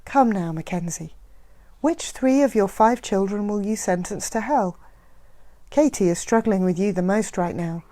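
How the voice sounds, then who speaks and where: A woman reading a novel aloud, voicing a calm, wise woman who speaks softly, often in a near whisper. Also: mid-range voice, normal speed, natural voice. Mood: insistent, soft. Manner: soft, quiet, often whispered. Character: gentle, wise, calm woman, patient teacher.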